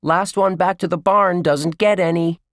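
A man voicing an excitable young boy who jokes and yells about cookies. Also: medium pitch, slow, no echo, clean studio sound, voice pushed up. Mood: excited, joking. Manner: loud, yelling, playful.

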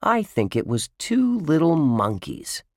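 Man doing a loud, high joker kid in a storybook; cookie-crazy and playful. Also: wildly swooping pitch, takes it slowly, no room sound, clean studio sound, heavily acted. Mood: excited, joking. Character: excitable young boy, cookie-loving joker.

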